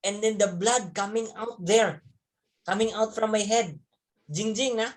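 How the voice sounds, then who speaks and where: A man's voice: high voice, normal speed. A man, a teacher telling young students a story from his childhood, repeating words and chuckling as he goes. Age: 30s.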